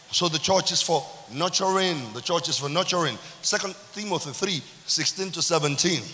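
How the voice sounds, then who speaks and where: A man with a Nigerian accent preaching a sermon as pastor, animated, with call-and-response and laughter. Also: on the high side, brisk. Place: church hall. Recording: reverberant church hall with hiss.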